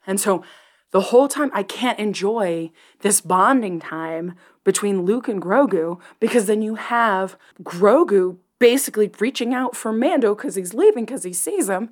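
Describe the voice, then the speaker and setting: A woman co-hosts a podcast, reviewing a TV episode in casual chat with a mid-range voice at normal speed. She's excitable and animated, acting out her own reactions.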